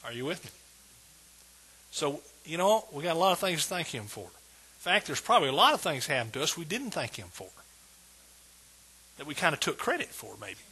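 Emphatic pastor preaching with a husky voice. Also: male voice, a little high, big pitch swings, a little fast, pauses often, pushed and bright. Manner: emphatic preaching, repeats words with rising intensity. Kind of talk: sermon.

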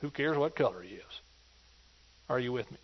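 A man's voice: medium pitch, expressive, normal speed, breathy edge, highs cut off. A man preaching a sermon with emphatic delivery, repeatedly calling out to his congregation for agreement.

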